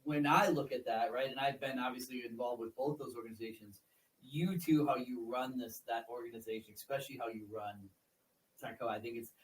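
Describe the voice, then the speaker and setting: A man's voice: medium pitch, fairly even intonation, a little fast, recorded from a distance, slight background noise, rough recording. A man in his forties hosting a casual interview chat, telling stories with repeated words and laughing as he talks. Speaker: podcast host.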